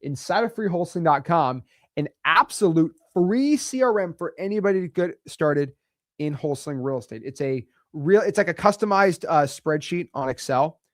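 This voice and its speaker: This American man's voice is on the high side and animated, at a moderate pace, in a dry, clean studio recording. Teaching real estate wholesaling casually to camera, he's blunt, emphatic and chatty with slangy asides.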